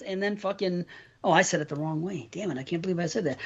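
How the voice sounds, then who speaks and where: A man's voice: high voice, fast, fairly bright tone, breathy edge. A man co-hosting a podcast, chatting casually and rambling through stories, cursing freely. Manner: rambling and storytelling with profanity. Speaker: podcast co-host. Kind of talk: casual chat. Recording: dull lo-fi sound.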